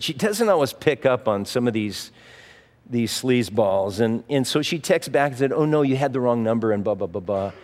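A man's voice: medium pitch, a little mellow, big-room sound. A man preaching a sermon in a conversational way, mixing scripture with a personal story. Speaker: pastor.

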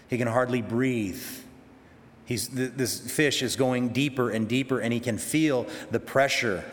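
A man's voice: mid-range voice, long reverb tail. A man preaching a sermon, conversational and emphatic, full of rhetorical questions.

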